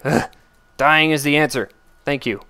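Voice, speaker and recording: A man giving casual gameplay commentary, blurting out excited exclamations and complaints at the game as he plays. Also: on the high side, a little slow, clean tone. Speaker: let's play gamer.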